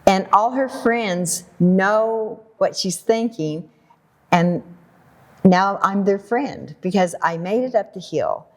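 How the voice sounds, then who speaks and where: An American woman telling a personal story in a casual talk, animated and laughing often while she acts out what people said. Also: mid-range voice, takes it slowly. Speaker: guest storyteller.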